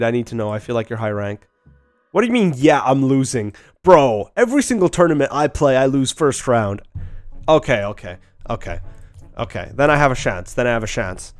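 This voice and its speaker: A man chatting quickly and casually on a live stream, joking about himself while greeting viewers. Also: mid-range voice. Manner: fast-talking, chatty, self-deprecating. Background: faint background beats.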